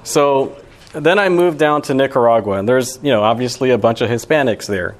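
Man, young adult, pastor, casual sermon, conversational, mid-pitched voice. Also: normal speed. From Alabama. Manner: casual, conversational preaching with frequent "you know" and "right".

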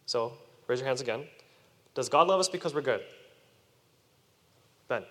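A man preaching a sermon to children, animated and asking his listeners questions. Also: mid-range voice, moderate pace. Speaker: youth preacher. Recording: long reverb of a hall.

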